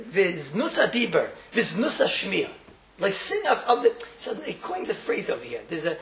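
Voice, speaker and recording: A man's voice: a little high, creaky. A man teaching a Torah class, emphatic, repeating key phrases and chuckling as he explains. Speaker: rabbi teaching a morning class. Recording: roomy echo.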